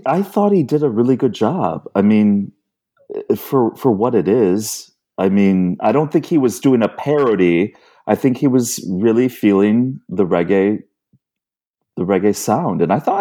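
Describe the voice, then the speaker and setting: A man's voice: on the low side, sing-song, normal speed, mellow, breathy edge. A man co-hosting a casual podcast chat, opinionated and often laughing. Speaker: podcast co-host.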